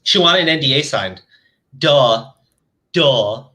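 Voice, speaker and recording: A man's voice: mid-range voice, animated, takes it slowly, pushed and bright. A man hosting a commentary show, ranting angrily and swearing heavily as he reacts to a video. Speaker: commentary channel host.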